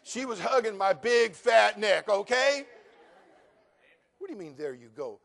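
An older male pastor with a notably high voice, telling homey stories with playful jabs at the crowd. He swings from quiet, easy banter to loud, emphatic preaching. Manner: folksy, joking asides, building to emphatic preaching. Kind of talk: sermon.

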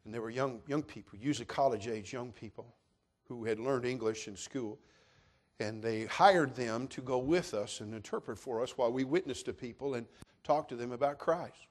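A middle-aged man pastor preaching a sermon, telling a personal story and swinging from calm to loud, emphatic preaching. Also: mid-range voice, moderate pace.

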